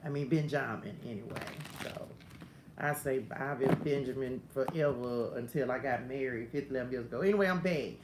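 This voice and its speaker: Speaking fairly quickly in a deep, rumbling voice, a middle-aged woman runs a relaxed morning spiritual livestream from her phone, laughing a lot and straying into tangents. Heavy background noise sits under her talk, and the space sounds roomy with faint ambience.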